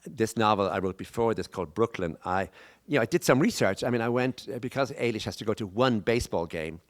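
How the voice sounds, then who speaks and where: An Irish man talks on stage at a live book event, winding through his story with asides and restarts. His voice sits a little low. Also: animated, quick pace. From Ireland. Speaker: author. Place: stage before a live audience.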